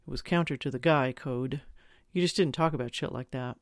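A man's voice: medium pitch, a little fast, no echo. Close, dry male storyteller. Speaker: audiobook narrator. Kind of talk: first-person story narration.

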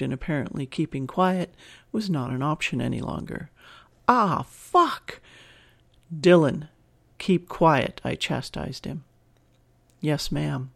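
A man reading a first-person erotic story in even, measured narration. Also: mid-range voice, creaky, dry recording. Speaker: story reader.

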